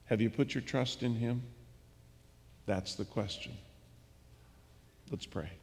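Gravelly pastor preaching in a church hall. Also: male voice, mid-range voice, slow, a little hiss or hum. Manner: storytelling preacher, acts out dialogue. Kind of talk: sermon. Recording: church hall with long reverb.

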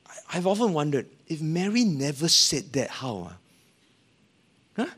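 A man's voice: on the high side, very animated, measured pace, fairly bright tone, husky. A man preaching a sermon as a pastor, with an emphatic, rising and falling delivery.

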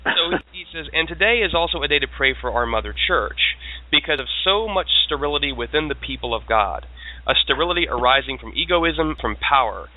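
A man's voice: a little high, lively intonation, fairly quick. A man hosting the show, presenting news stories and reading quotes with a wry edge. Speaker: show host. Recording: tinny phone-like sound.

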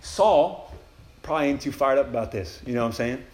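A man speaking at a retreat, telling Bible stories in a casual, animated way with slangy asides. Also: mid-range voice, brisk. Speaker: campus ministry speaker. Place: retreat meeting room. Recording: echoey room with faint ambience.

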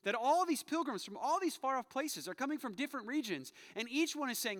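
A man's voice: extremely high pitch, animated, brisk, few pauses, fairly bright tone, in a large hall. A male pastor preaching a sermon in a church, telling the story with animation and acting out quoted voices. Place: church sanctuary.

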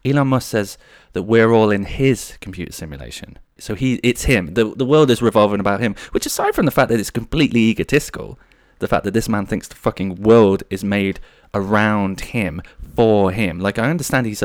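A young man with a fairly low voice tells a long, rambling story on his podcast. He talks casually and swears freely. The recording is close and dry. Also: a little fast, dry recording. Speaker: podcast host. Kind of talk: casual solo storytelling monologue.

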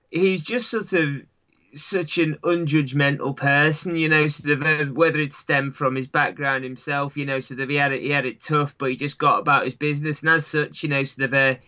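A man's voice: on the high side, sharp tone. A man with an English accent, a runner who is the guest, talking casually in an interview and wandering through his thoughts with lots of "sort of" and "you know". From England. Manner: rambling, full of "sort of" and "you know" fillers. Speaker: guest, long-distance runner. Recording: dull lo-fi sound.

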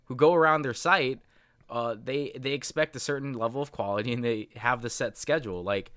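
A man's voice: mid-range voice, a little fast, a bit bright, dry recording. A man from the United States co-hosting a podcast, talking casually with lots of swearing and rambling restarts. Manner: profane, rambling, emphatic. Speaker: podcast co-host. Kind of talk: casual chat.

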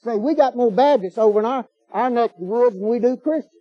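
A man's voice: very high-pitched, quick pace, no echo. A man preaching a sermon in a folksy, emphatic way, firing off rhetorical questions. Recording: dull lo-fi sermon recording.

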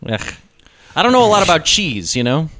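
A man with a bright, lively voice who talks fast, co-hosting a casual podcast. He chimes in with short interjections and quick jokes. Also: fairly high pitch. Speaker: podcast co-host. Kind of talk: casual movie chat.

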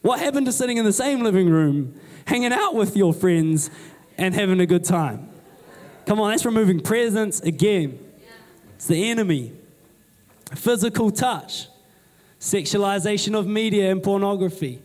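A man's voice: sits high, lively intonation, normal speed, darkish tone. A young man preaching a sermon in a conversational way, asking the congregation rhetorical questions and ending remarks with "eh?". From New Zealand. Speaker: pastor.

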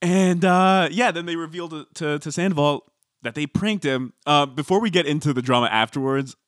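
A man co-hosting a casual reality TV recap, telling the plot in a relaxed, wry way with "uh" fillers. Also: a little high, a little fast, dry recording, studio quality. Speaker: podcast co-host.

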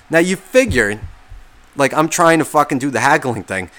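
A man's voice: on the high side, expressive, moderate pace, a bit bright. A man hosting a podcast, telling a story as a casual rant, swearing constantly and sounding exasperated and sarcastic. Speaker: podcast host.

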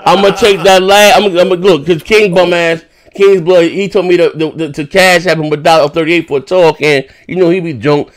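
Rambling, profane streamer, high-voiced man. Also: steady tone, fairly quick, few pauses. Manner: profane, rambling storytelling with many fillers. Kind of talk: casual stream banter.

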